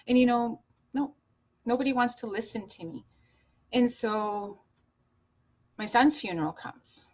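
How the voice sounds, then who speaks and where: A woman from Canada, a podcast guest, telling a painful personal story in a raw, halting, emotional way. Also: fairly high pitch, steady tone.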